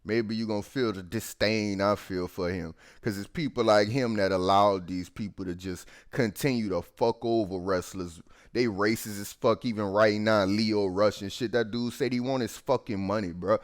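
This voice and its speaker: A man's voice: fairly low pitch, moderate pace. A man ranting as a wrestling news commentator, heated and profane, talking straight to his viewers.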